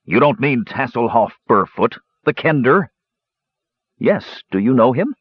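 A man reading an audiobook, voicing a gruff, irritable male dwarf who growls and snaps. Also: medium pitch, animated, a little slow, no room sound, highs cut off, voice pushed up.

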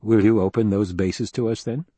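A grim, commanding duke, as a male audiobook reader puts him on, measured and pressing in a low, husky voice. The sound is dry and close. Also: steady tone, mellow, no room sound. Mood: firm, probing. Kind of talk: audiobook character reading.

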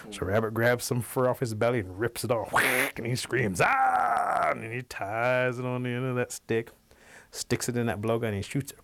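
A man telling a traditional animal folk tale in a relaxed, animated storytelling manner. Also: mid-range voice.

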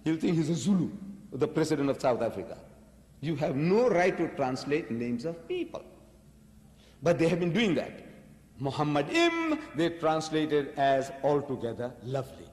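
A man delivers a religious lecture in a fairly high voice, pressing his points with pointed rhetorical questions. His words ring out with the long reverb of a large hall. He speaks to a live audience. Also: sing-song, normal speed, darkish tone.

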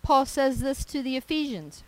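A woman preaching a sermon, earnest and emphatic, slowing down to stress scripture. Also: high voice, lively intonation, poor audio.

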